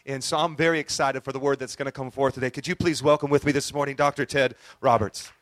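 A man's voice: medium pitch, steady tone, quick pace, fairly bright tone, no room sound. A man introducing a guest speaker at a church service, enthusiastic.

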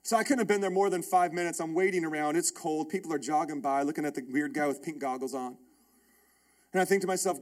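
A man in his thirties, a pastor, preaching a sermon built around a personal story, told in an animated, emphatic way with repeated phrases. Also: fairly high pitch, fast talker.

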